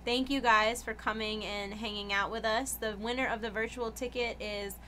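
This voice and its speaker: Young woman, streamer co-host, casual and grateful, bright tone, faint background hum. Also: a little high, fairly even intonation, normal speed. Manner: chatty, thankful, with fillers and laughs. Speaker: co-host of a game news stream. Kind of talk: casual stream sign-off chat.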